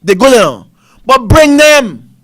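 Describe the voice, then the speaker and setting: Fiery high-voiced Caribbean talk host. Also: male voice, big pitch swings, measured pace. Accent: Caribbean English. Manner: ranting, repetitive, rhetorical questions. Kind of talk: fiery political commentary.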